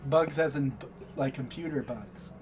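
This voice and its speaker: A man's voice: mid-range voice, normal speed, slight background noise. A man narrating as game master in a loose, rambling, self-correcting way.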